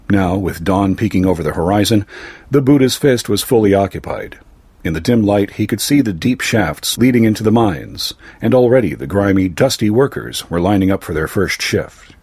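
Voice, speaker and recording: Man, story narration, measured, low voice, husky, dry close recording. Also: lively intonation, a little mellow, no echo.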